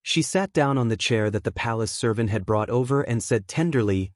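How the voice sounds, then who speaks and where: Man, audiobook narrator, expressive storytelling, lively pitch, dry close recording. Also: a little fast, few pauses, no echo. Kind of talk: scripted narration.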